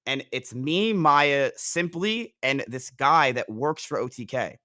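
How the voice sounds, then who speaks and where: A young man in casual chat, telling a rambling, animated story with frequent restarts. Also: medium pitch, slow. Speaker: streamer guest.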